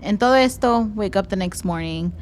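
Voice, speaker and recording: A young woman with a Texan accent, co-hosting a podcast and telling a story in casual chat, animated, swearing freely and slipping into Spanish phrases. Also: medium pitch, a little fast, a little hiss or hum. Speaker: podcast co-host.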